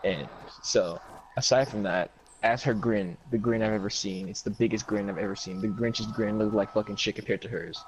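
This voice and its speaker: A man's voice: lowish voice, fairly even intonation, moderate pace, a little hiss or hum, poor audio. A man telling a long comic story in casual chat, rambling and profane, acting out what others said.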